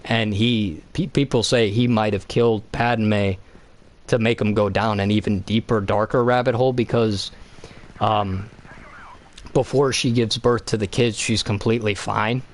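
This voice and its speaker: A man's voice: fairly low pitch, fairly even intonation, measured pace. Rambling, swearing male streamer. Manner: rambling, heavy swearing, lots of "like". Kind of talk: casual chat.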